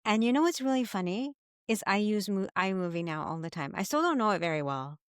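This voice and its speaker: A middle-aged woman hosting a casual podcast, telling a story with animated energy and acting out her own past frustration. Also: mid-range voice, a little fast, clear, resonant tone, dry recording, studio quality. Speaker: podcast host, health coach.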